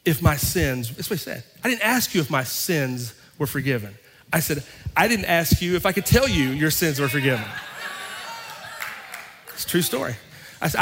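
A man's voice: a little high, animated, a little fast, fairly bright tone, slightly rough. A man preaching a sermon as pastor, telling a personal story and acting out both sides of an argument. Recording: long reverb of a large hall.

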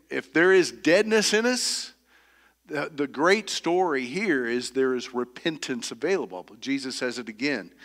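A middle-aged man preaching a sermon as pastor, earnest and halting, often repeating words as he searches for the next phrase. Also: on the high side, fairly bright tone. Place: church sanctuary. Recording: long reverb of a church hall.

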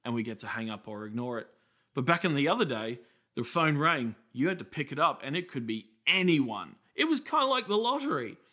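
Bright-voiced Australian male pastor. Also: medium pitch, expressive. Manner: conversational storytelling preacher, quick asides. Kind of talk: sermon.

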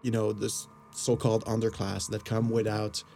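A man recounts a personal story in a loose, rambling way, filling it with fillers and acted-out bits of dialogue. His voice is gravelly and mellow, sitting at an ordinary pitch. Faint music plays underneath. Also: flat delivery, moderate pace. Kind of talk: casual anecdote. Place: Los Angeles area.

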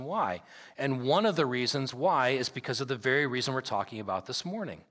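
A male pastor's clear, ringing mid-range voice sounds pushed and bright as he preaches an emphatic sermon. Reading scripture at length, he says key phrases twice for force, while a long reverb fills the large church sanctuary.

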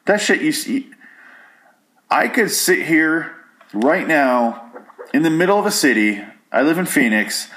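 A film recap commentator does a casual solo recap of a movie, rambling, swearing and sarcastic, now and then putting on silly voices for the characters. His voice is mid-range and a bit bright.

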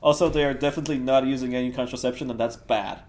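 A man's voice: mid-range voice, fairly even intonation, rapid-fire, a little mellow. Dry-humored man podcast co-host. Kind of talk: casual film-review chat.

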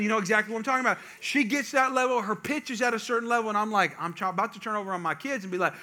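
A man telling a humorous family story to a live audience, with chatty asides to the crowd. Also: high-pitched. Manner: animated, jokey asides to the audience; quick, chatty, self-interrupting. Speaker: speaker addressing a live audience.

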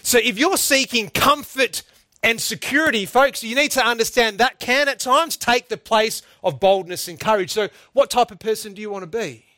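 An emphatic preacher in middle age, delivering a sermon with conviction. His voice sits fairly high for a man. The recording is dry and close, with little room sound. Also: moderate pace, sharp tone, no echo. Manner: earnest, emphatic, addresses listeners as "folks".

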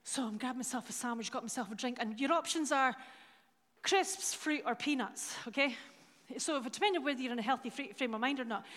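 A woman's voice: high voice, brisk, fairly bright tone. Chatty Scottish woman telling stories in a hall. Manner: chatty, self-mocking storyteller, acting out dialogue. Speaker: church leader speaking from stage. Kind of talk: anecdotal sermon talk. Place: large church hall. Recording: live hall with long reverb.

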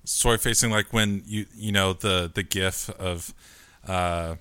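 A man guesting on a podcast, wry and quick to joke. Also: low voice, fairly even intonation, fairly bright tone, smooth. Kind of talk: casual podcast banter.

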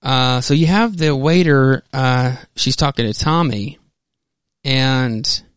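A man's voice: mid-range voice, slow, a bit bright, smooth, no echo. A man in the middle of his range hosts a podcast, walking listeners through a comic book plot in a loose, conversational way full of fillers and self-corrections. His voice is recorded close and dry, with no room sound around it. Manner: loose retelling with many fillers and restarts. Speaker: podcast host. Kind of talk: casual comic book recap.

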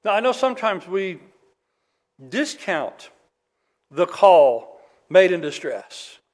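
A man's voice: sits high, sing-song, takes it slowly. A man preaching a sermon in a conversational way, with dry humor, reading scripture aloud. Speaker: pastor.

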